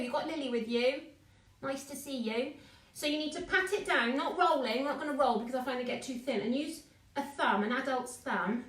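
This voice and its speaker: In her home kitchen, a woman runs a live online baking class for children, chatting, encouraging them, and greeting viewers by name. Her slightly high voice is picked up from a distance, with the kitchen sounding echoey away from the mic.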